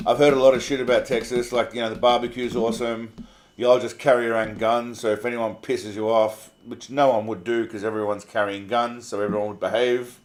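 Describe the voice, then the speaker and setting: An Australian man hosting a casual livestream, reading viewer comments aloud in a laid-back, chatty way, swearing freely and calling people mate. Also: mid-range voice. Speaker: livestream host.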